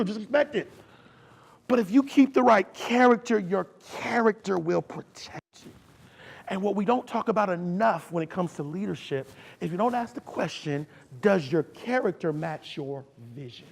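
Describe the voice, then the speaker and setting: A man's voice: high voice, expressive, normal speed, creaky, slightly rough. A man giving a motivational keynote speech, preacher-like, leading the crowd in call and response. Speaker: keynote speaker.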